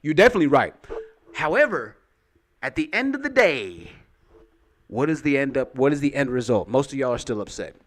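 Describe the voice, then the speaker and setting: A man's voice: mid-range voice, very animated, brisk, pauses often, a little hiss or hum. A man giving casual reaction-video commentary, rambling and repeating himself in a candid, confessional way. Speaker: YouTube commentator.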